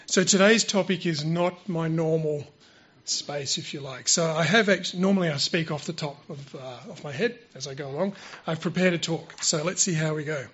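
A man talks to a church gathering in an unpolished, conversational way, pausing on fillers and correcting himself as he goes. His voice sits a little high and sounds husky. The recording is dull and lo-fi, with the microphone held close. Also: fairly bright tone. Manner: informal, hesitant with fillers and restarts. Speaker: guest church speaker. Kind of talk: church presentation. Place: church hall. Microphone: handheld microphone held close.

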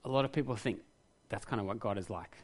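A man's voice: lowish voice, fast. Earnest man preaching a sermon. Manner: earnest, reflective, rises to passionate emphasis. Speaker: pastor.

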